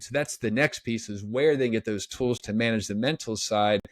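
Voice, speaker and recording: A man talking as a sports psychologist guest in a casual podcast interview, energetic and acting out pep talks. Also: on the low side, normal speed, dry recording. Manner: energetic, acts out pep talks in quoted voices.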